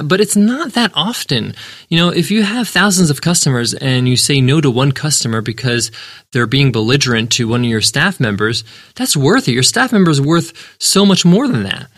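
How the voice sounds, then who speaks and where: A man's voice: medium pitch, a bit bright, no echo, clean studio sound. A man hosting a business podcast, answering a listener's question in an earnest, emphatic way and repeating words for stress. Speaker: podcast host and business founder.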